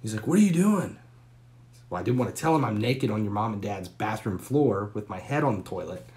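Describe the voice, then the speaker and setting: A man in his forties hosting a live stream, telling a long, candid and profane story with pauses and fillers. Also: lowish voice, a little mellow.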